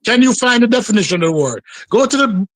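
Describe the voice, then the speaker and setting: A man's voice: high-pitched, sing-song, quick pace, fairly bright tone, slight background noise, rough recording. Insistent man repeating pointed questions. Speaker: panelist. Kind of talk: live debate.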